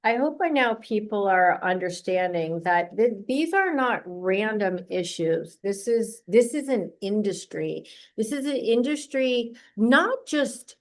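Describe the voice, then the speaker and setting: A woman hosts a conversational interview, engaged and questioning. Her voice sits at an ordinary middle pitch. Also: animated, unhurried, few pauses. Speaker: host.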